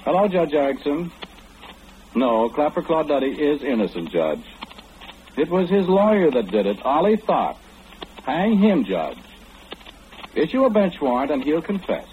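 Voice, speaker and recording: An actor playing a calm, wry clairvoyant man who knows everything, in 1940s radio acting. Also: a little high, dull audio, slight background noise. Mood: knowing. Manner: knowing, unhurried, gently mocking.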